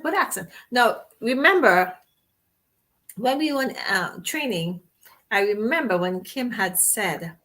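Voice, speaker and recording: A woman with a Trinidadian accent hosting a casual chat, animated and talkative, laughing often as she tells stories. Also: mid-range voice. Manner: animated, chatty storyteller who laughs often. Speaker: host.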